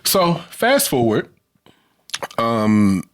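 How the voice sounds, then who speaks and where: A man co-hosting a podcast, casually recapping a movie plot in a lively storytelling way, with lots of filler words. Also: mid-range voice, very slow. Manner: lively storytelling with frequent "like" fillers, acts out quotes. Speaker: podcast co-host.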